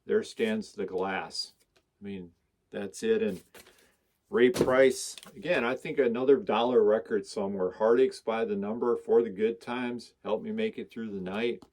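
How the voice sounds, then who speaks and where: A man's voice: lowish voice, steady tone, unhurried, darkish tone, a little hiss or hum. A man chatting casually and with enthusiasm as he shows his records, rambling from one to the next and reading off song titles. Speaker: record collector vlogger. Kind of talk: casual chat showing records.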